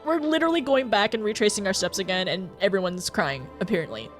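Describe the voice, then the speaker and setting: A woman streaming a game live, reacting with excited, giggly, emotional commentary. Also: medium pitch, fairly quick, soft background music.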